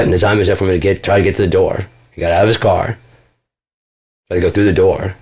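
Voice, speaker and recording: A man's voice: sits low, fairly even intonation, quick pace, long pauses, a little mellow, husky. A man telling a blunt, profane story in a casual vlog monologue, boasting as he goes. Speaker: vlogger.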